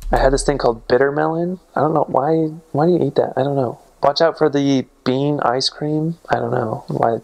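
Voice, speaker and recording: A man from the United States talking about his life abroad in a relaxed, rambling vlog style that is often unsure of itself. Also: mid-range voice, moderate pace, creaky, few pauses. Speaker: vlogger. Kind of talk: casual vlog talk.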